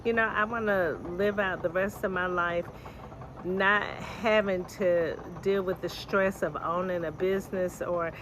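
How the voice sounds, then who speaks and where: An older woman from the United States speaking in a relaxed, matter-of-fact way about her own life. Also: on the low side, unhurried. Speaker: interviewee. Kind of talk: casual testimony. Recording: audible background noise.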